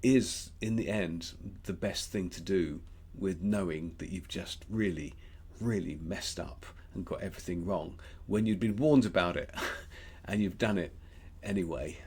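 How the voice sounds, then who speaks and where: Man, Australian accent, deep voice, devotional reflection, gentle, hesitant ums. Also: unhurried, few pauses, husky. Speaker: preacher.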